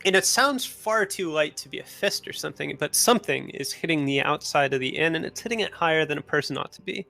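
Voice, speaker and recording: A man with a gravelly, slightly high voice narrates a tabletop game as its game master. He talks in an easygoing, unhurried way, often pausing on fillers. Soft music plays underneath. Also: expressive.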